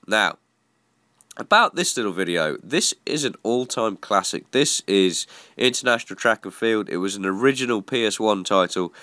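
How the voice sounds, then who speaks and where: A man's voice: on the low side, bright, forceful tone, clean tone, no room sound. A man with a congested cold voice, giving chatty, self-mocking gameplay commentary. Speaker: gaming YouTuber.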